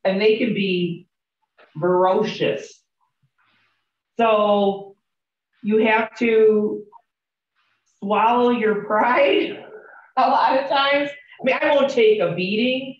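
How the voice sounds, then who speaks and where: A woman's voice: on the high side, takes it slowly, long pauses. A woman teaching real estate agents, chatty and candid, telling stories and asking the class questions. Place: training room with a group. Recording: roomy, distant, dull classroom recording.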